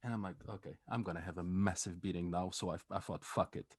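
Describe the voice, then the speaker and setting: A man co-hosting a podcast, telling a story in a casual, animated way, swearing and laughing as he goes. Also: low voice, quick pace, husky, dry recording, clean studio sound. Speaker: podcast co-host.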